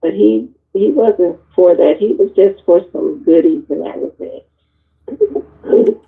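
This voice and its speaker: A woman's voice: lowish voice, slow pace, vocal fry. A candid woman telling frank personal stories in loose, casual chat, recorded over a tinny, phone-like line. She is a guest on a discussion panel. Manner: candid, animated storyteller.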